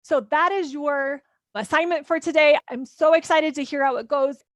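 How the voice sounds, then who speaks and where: A woman's voice: high voice, fairly even intonation, normal speed, no room sound. A woman parenting coach teaching a live workshop in a casual, chatty way, full of "like" and "right?".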